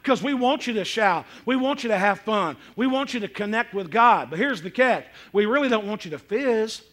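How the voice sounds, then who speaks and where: Animated pastor, bright high voice. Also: male voice, moderate pace. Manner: folksy, animated preaching with sudden shouts and asides. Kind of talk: sermon. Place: church sanctuary.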